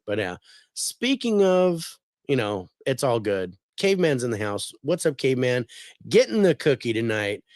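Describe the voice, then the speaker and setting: A man's voice: mid-range voice, big pitch swings, moderate pace, no room sound. Laid-back male podcast host, dry mic. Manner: laid-back, rambling with many fillers. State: recovering from a cold. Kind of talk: casual podcast chat.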